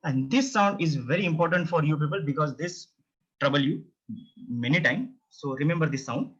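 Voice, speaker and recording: A man's voice: on the high side, moderate pace, a bit bright, husky. A man teaching a beginner language lesson, repeating each word several times. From India. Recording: dull, lo-fi sound.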